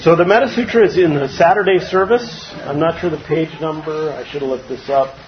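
A man giving a casual, informal dharma talk to a group, chatty and quick to laugh. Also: fairly high pitch, background noise. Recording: dull lo-fi recording.

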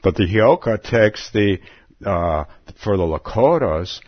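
A man giving a relaxed dharma talk as a Zen teacher, chuckling often and repeating words as he goes. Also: lowish voice, slow, no room sound. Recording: dull lo-fi dry recording.

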